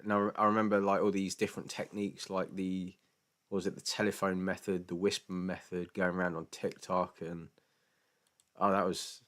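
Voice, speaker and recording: Chatty British man, low voice. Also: little pitch movement, normal speed, a bit bright. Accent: British English. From Britain. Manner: chatty, laughs often, stammering restarts; jokey mock voices when quoting others. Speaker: live stream host. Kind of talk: casual live stream Q&A chat.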